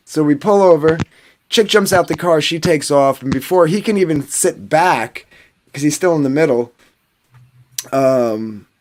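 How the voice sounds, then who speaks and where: Man telling a crude story, fairly high voice, acts out quotes, casual panel chat. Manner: animated, swearing, acts out quotes. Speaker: podcast panelist.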